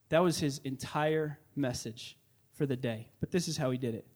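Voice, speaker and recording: A young man leading worship in church, welcoming the congregation and telling an earnest, excited story with frequent restarts. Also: medium pitch, normal speed. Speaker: worship leader. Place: church sanctuary.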